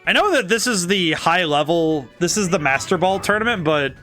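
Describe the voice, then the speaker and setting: Excitable man streaming a game, music behind. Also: high-pitched, normal speed. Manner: excitable, laughs often, thinks aloud. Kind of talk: casual live-stream commentary.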